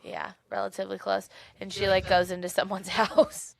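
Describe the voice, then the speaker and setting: A woman co-hosting a podcast, chatting casually and retelling events in an animated way with frequent laughs. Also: medium pitch, moderate pace, creaky. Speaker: podcast co-host. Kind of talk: casual book-club chat.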